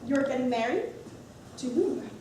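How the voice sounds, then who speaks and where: A woman's voice: sits high, animated, measured pace, warm tone, slight background noise. A woman playing a glamorous, dramatic young showgirl bride in a stage musical. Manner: theatrical and gushing. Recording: echoey stage from far off.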